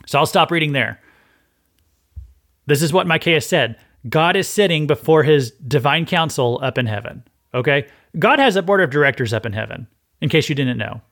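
A male podcast host with a slightly high voice teaches from scripture in a relaxed, talkative manner. He reads a passage, then breaks off to retell it in everyday words and acts out bits of the scene. He often repeats a word when he starts a new thought. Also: normal speed. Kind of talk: conversational Bible teaching podcast.

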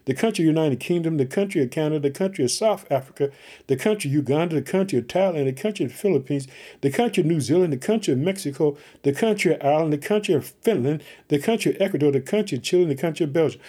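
A man's voice: on the high side, lively intonation, racing, dark tone. A man from Chicago preaching fervently on his podcast, calling out to his listeners again and again. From Chicago, Illinois. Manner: fervent, repetitive call-outs to listeners. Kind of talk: sermon.

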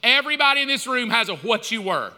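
A man preaching a sermon in a church, lively and conversational, acting out back-and-forth dialogue with God. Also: very high voice, quick pace, in a large hall. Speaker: pastor. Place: church sanctuary.

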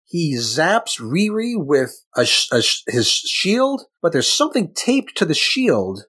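A man's voice: fairly high pitch, sing-song, measured pace, a bit bright, husky. A man co-hosting a casual comic book chat, with wry, matter-of-fact commentary. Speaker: podcast co-host.

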